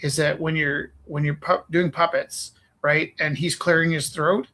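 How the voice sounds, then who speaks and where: A man's voice: on the high side, flat delivery, unhurried, pushed and bright, low-quality recording. A man hosting a live art stream, chatting casually while he draws and drifting playfully between half-finished thoughts. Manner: rambling, playful, trails off mid-thought. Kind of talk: casual chat while drawing.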